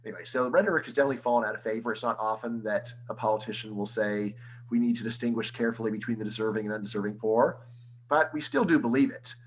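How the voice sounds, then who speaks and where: A man, an economics professor, giving an online lecture in a conversational style, full of rhetorical questions and quick restarts. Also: fairly low pitch, animated, a little hiss or hum, low-quality recording. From United States.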